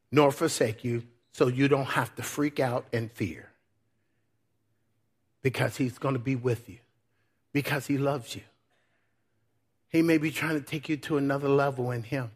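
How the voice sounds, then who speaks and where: A man preaching a sermon as pastor, swinging between loud, high exhortation and soft, low intimate passages. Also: breathy edge.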